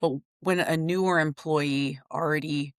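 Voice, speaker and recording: Animated middle-aged woman, dry close sound. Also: low voice, unhurried, no room sound. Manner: animated storytelling, laughing often. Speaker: podcast co-host. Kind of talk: casual conversation.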